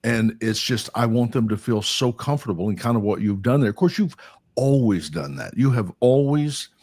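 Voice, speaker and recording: A man's voice: mid-range voice, expressive, moderate pace, darkish tone, husky. A middle-aged man, a pastor hosting an interview, speaking in an affirming, reflective conversational way. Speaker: host and pastor. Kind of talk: casual interview chat.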